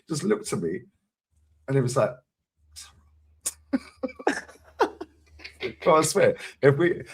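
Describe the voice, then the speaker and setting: A man's voice: medium pitch, slightly rough. A man with a London accent, co-hosting a fan stream and telling stories in casual chat, laughing and swearing freely. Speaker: co-host of a football fan channel.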